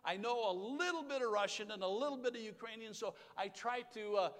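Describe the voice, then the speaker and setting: High-voiced man preaching in a hall. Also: brisk. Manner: conversational, anecdotal, with small restarts. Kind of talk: sermon storytelling. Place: church sanctuary. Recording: long reverb of a hall.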